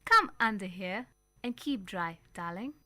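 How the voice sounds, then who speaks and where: A woman doing a brisk, prim mother. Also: mid-range voice, animated, pushed and bright, dry recording. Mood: self-satisfied. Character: proper, self-assured middle-aged mother.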